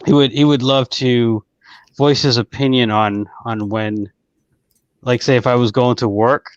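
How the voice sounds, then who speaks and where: A guest in a casual chat, telling animated stories about a pet. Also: unhurried, clean tone. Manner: storytelling, animated when quoting. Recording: dry, dull low-fidelity sound.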